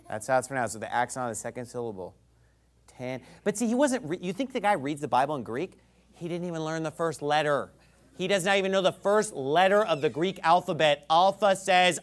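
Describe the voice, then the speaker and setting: A male pastor delivers a sermon with sarcasm and mockery, his pitch leaping in lively swings. He drops into quiet, careful explanation, then bursts into shouting, all at a brisk pace.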